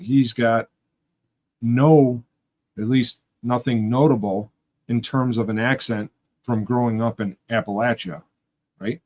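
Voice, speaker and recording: A man's voice: mid-range voice, darkish tone, a little hiss or hum. A man from Western New York hosting a livestream, chatting casually and rambling as he talks to his viewers. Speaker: livestream host. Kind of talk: casual chat with live viewers.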